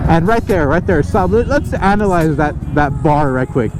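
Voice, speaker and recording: A man's voice: high voice, normal speed. A young man telling a rambling, self-mocking story as a casual motorcycle vlog, talking into a helmet mic outdoors. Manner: animated, rambling, self-mocking with restarts and quoted dialogue. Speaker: motovlogger. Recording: loud wind and road noise.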